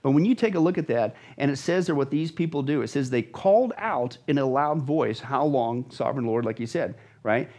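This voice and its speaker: A man's voice: on the high side, animated, fairly quick, few pauses, darkish tone. A man, a pastor, explaining Bible prophecy as a guest in an emphatic, dramatic way, repeating words for emphasis. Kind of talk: emphatic Bible teaching in conversation.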